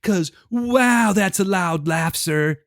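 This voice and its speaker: A man voicing a mellow, flowy male retreat guru with an airy, soothing manner. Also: sits high, takes it slowly, no echo, clean studio sound, pitched above the performer's own voice. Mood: mock serene.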